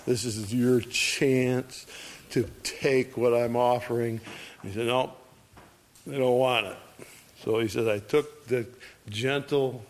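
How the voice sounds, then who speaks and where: Slow, emphatic preacher man. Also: medium pitch. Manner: slow, emphatic, acts out quoted voices. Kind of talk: sermon.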